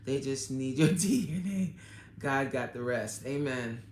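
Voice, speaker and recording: A woman's voice: very deep voice, animated, a little slow, darkish tone, slight background noise. A woman coach hosting a casual live chat, answering viewer comments in an emphatic, candid way. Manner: emphatic and candid, with frequent laughs. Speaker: fitness coach hosting a livestream. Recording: echoey room with faint ambience.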